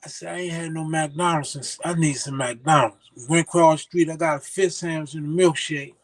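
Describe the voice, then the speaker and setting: A man's voice: fairly high pitch, fairly quick. An older man telling stories as an interview guest, acting out the voices of the people he quotes. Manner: animated, acts out quoted voices. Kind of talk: storytelling in casual conversation.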